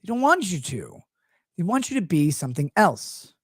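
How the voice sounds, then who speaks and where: A man hosting a commentary show launches into a profane, sarcastic rant, his pitch swinging widely as he jeers. The sound is close and dry, with no room around the voice. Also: big pitch swings, moderate pace, slightly rough, no echo. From United States. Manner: profane, sarcastic, mocking asides. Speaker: show host. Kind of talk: ranting political commentary.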